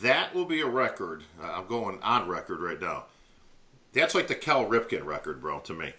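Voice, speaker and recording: A man's voice: sits low, big pitch swings, moderate pace, bright, forceful tone. A man co-hosting a podcast, talking casually and laid-back, often saying "bro". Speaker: podcast co-host. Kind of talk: casual chat.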